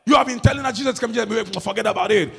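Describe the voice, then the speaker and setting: A man preaching a sermon as pastor, swinging between loud shouts and low murmurs. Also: racing, gravelly, slightly rough, faint music behind. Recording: long hall reverb.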